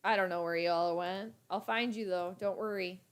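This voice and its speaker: A woman hosting a casual sports livestream, talking chattily to her viewers in an animated way. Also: lowish voice, moderate pace, clean tone. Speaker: sports channel host.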